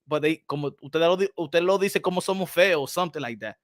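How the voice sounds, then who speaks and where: A man hosts a boxing talk stream in loose, animated chat. He laughs often and drifts in and out of Spanish. His voice sits high and bright, with a forceful edge. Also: rapid-fire, few pauses, dry recording, studio quality. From New York City. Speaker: boxing channel host. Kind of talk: casual live-stream chat.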